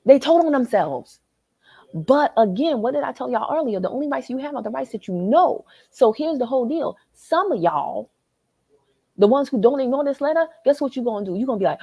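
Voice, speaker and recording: A woman with a Southern American accent hosting a livestream, talking straight to her viewers in a worked-up, animated way from a hotel lobby. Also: sits high, fairly quick, husky, no echo. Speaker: livestream host. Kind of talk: animated live chat reading comments.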